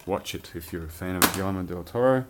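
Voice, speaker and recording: A man's voice: deep voice, fast talker, noisy background. A man chatting casually and rambling about his film collection, swearing now and then. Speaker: collector showing his films. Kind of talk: casual chat.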